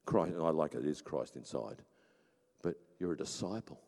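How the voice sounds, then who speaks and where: A man preaching a sermon with passion, swinging between shouting and hushed emphasis. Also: very deep voice, lively intonation, moderate pace, creaky. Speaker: pastor. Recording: long hall reverb.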